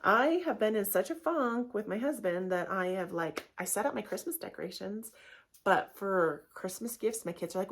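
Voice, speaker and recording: A woman in her thirties hosting a casual solo podcast, talking in a chatty, candid way and often acting out quick voices. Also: medium pitch, animated. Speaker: podcast host.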